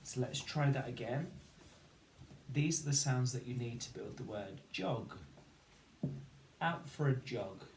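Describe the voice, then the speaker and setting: A man's voice: mid-range voice, animated, unhurried, pauses often, darkish tone. A man teaching a phonics lesson, patiently sounding out letters and words. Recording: echoey room, faint background noise.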